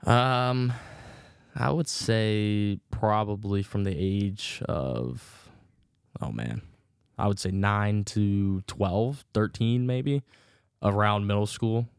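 A man's voice: on the low side, takes it slowly, gravelly, clean tone, dry recording, clean studio sound. A young man with a light Southern American accent, chatting casually as an interview guest and laughing often. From Virginia. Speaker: guest, baseball pitcher.

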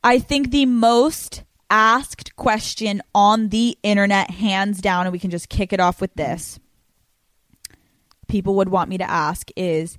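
A woman hosting her podcast in casual chat, brash and profane, quick and often laughing. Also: mid-range voice, steady tone, no room sound. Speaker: podcast host.

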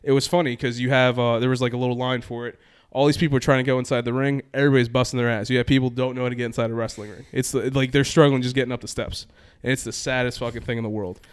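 A man telling a long trip story in casual podcast chat, animated, acting out quoted exchanges. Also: mid-range voice, very fast, few pauses, clear, resonant tone.

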